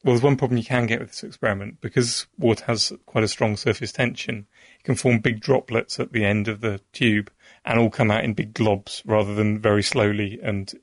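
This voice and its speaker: A man's voice: on the low side, steady tone, brisk, dry recording, clean studio sound. A man, a science expert guest, patiently explaining an experiment step by step.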